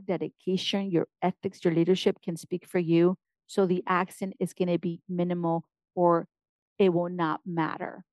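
A woman's voice: fairly low pitch, gravelly, dry recording. A middle-aged woman from Mexico, a guest on an interview, talking with energy and repeating punchy encouraging phrases. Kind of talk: motivational interview talk.

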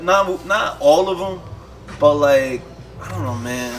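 A man's voice: a little high, animated, measured pace. A podcast host in his thirties telling a rambling, profane anecdote in casual chat, laughing as he goes. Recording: distant mic with loud music behind. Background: music playing.

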